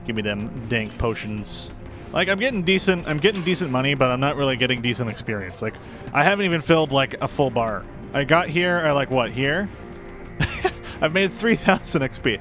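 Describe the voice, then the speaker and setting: A man's voice: a little high, lively intonation, fairly quick, music in the background. A young man giving casual, self-deprecating commentary while playing a game, rambling in chatty asides. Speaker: gameplay commentator.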